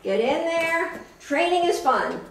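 A woman's voice: very high-pitched, very animated, slow, gravelly, a bit bright. A woman dog trainer giving a chatty live demonstration, explaining as she goes and breaking into bursts of cheery praise for a puppy. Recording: echoey room with faint noise.

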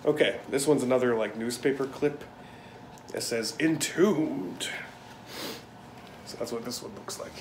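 Male co-host, dry crude humor, medium pitch, echoey room. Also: a little fast, noisy background. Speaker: co-host, host's brother. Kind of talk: casual chat.

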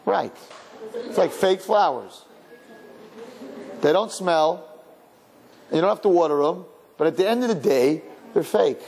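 Brief: male rabbi preaching, animated and rhetorical, fairly high voice, very lively pitch. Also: unhurried, gravelly, pauses often. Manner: animated, rhetorical, humorous, with Hebrew and Yiddish words. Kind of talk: sermon.

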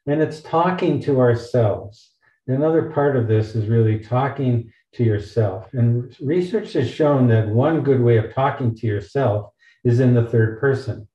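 A man who is a physician, explaining pain therapy patiently on an online panel, with gentle, caring examples. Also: mid-range voice, measured pace, reverberant, muffled recording.

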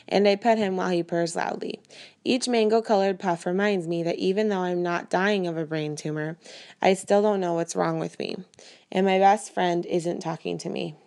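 A woman reading a first-person novel aloud in an even, measured storytelling way. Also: lowish voice. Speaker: reader.

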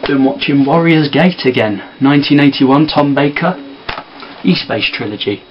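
A man talking quietly and softly to camera in a casual sit-down vlog. He sounds tired. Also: medium pitch, normal speed, highs cut off, background noise. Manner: quiet and soft-spoken. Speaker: vlogger and amateur filmmaker.

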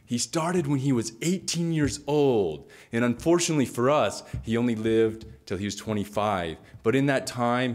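Man retelling a myth dramatically. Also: mid-range voice. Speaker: speaker. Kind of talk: storytelling talk.

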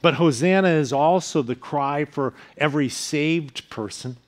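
A man, a pastor, preaching a sermon in an earnest way, his voice often falling soft at the ends of phrases. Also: fairly high pitch, measured pace. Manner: earnest preaching with softer dropping phrase endings.

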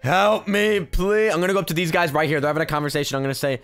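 A man's voice: a little high, steady tone, racing, fairly bright tone. Hyped young man narrating a game prank. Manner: hyped, laughing, repeats "bro" and "guys". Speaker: gaming YouTuber. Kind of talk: excited gameplay commentary.

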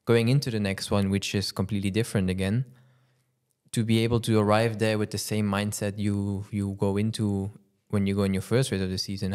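A man's voice: lowish voice, darkish tone, smooth. A racing driver chatting casually on a podcast, often stumbling over his words and laughing. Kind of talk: casual chat.

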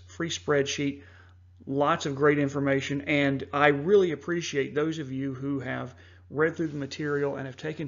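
A man hosting a preparedness talk, narrating over slides in an earnest, measured way with frequent fillers. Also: medium pitch, vocal fry, lo-fi sound. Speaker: host.

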